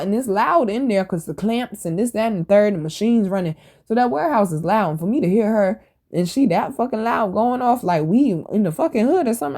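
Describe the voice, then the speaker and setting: A woman's voice: mid-range voice, a little fast. Blunt profane woman telling stories. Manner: animated, profane and blunt, with slang. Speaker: podcast host. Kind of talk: casual storytelling monologue.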